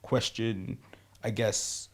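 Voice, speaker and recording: A man, a podcast guest talking in an animated, laughing way and often checking that he's understood. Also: lowish voice, extremely slow. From London. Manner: laughing, animated, often asks "do you get what I mean". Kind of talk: casual chat.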